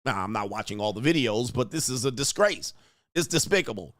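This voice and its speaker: A man's voice: mid-range voice, expressive, a little fast, fairly bright tone, dry recording, studio quality. A man hosting a reaction commentary, talking in a blunt, mocking and exclaiming way. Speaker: host.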